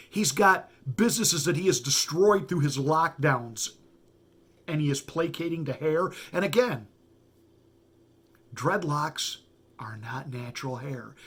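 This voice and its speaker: Male pastor, middle-aged, emphatic folksy commentary delivery, fairly high-pitched speaking voice. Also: fairly bright tone, husky. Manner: emphatic, folksy, repeats words for stress. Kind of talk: political commentary monologue.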